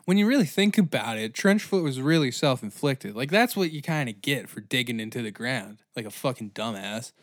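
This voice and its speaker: A man hosting a comedy history podcast who rants in a profane, animated way, swearing constantly as he builds each point. His voice sits in a middle pitch and comes through a dry, close recording with no room sound. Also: brisk, hardly any pauses, no room sound. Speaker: podcast host.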